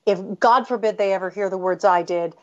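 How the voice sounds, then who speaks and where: Candid, animated middle-aged woman guest. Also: medium pitch, a little fast. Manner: candid, animated, emphatic, with self-interruptions. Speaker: author and guest. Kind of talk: conversational interview storytelling. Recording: dull lo-fi audio.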